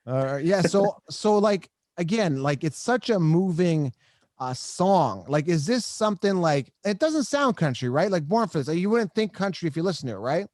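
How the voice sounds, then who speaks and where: A man's voice: a little high, big pitch swings, moderate pace, darkish tone, no room sound. Chatty male podcast host, dry sound. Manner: chatty, joking, lots of "like" and "right?". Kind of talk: casual interview chat. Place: home podcast studio.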